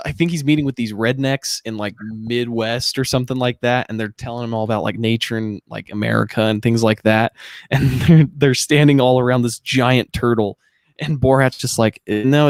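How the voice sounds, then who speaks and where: A man's voice: medium pitch, fairly even intonation, moderate pace, dry recording, clean studio sound. A man joining a casual livestream chat as a guest, eagerly explaining things. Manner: enthusiastic, explanatory.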